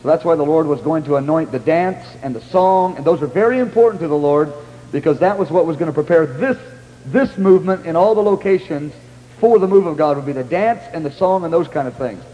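A man's voice: on the high side, expressive, fairly quick, long reverb tail, highs cut off, slight background noise. A man preaching in a storytelling style, rambling through anecdotes with restarts and acting out what others said. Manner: rambling anecdotes with many restarts and acted-out quotes. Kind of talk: storytelling sermon.

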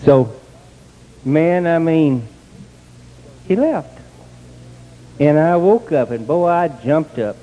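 An older man telling his own story in a plain, folksy way, with bursts of excitement. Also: a little high, slow, pauses often, lo-fi sound. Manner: plain country speech, rising to excited outbursts. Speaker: testimony speaker. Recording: long hall reverb.

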